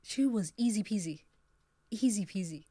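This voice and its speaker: A woman chatting casually as a podcast co-host, telling stories with slang and sudden imitated shouts. Her voice sits in a middle range and sounds dry and close, with no room echo. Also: mid-range voice, moderate pace. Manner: animated, slangy storytelling with mimicked shouts. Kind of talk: casual chat.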